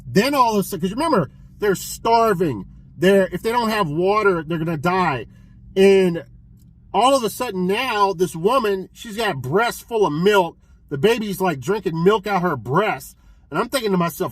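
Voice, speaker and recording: A man casually reviewing a film he watched, retelling the plot in an excitable, profane way with many restarts. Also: high-pitched, moderate pace, husky, low-quality recording. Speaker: physical media collector reviewing films.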